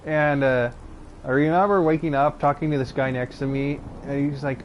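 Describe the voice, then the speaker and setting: A young man with a somewhat high voice tells personal stories in a loose, rambling way. He stumbles, restarts and fills pauses with "like" and "uh". A faint hum of noise sits under the recording. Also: steady tone, dull audio. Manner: rambling and hesitant, full of fillers and restarts. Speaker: channel host recounting personal stories. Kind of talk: casual storytelling.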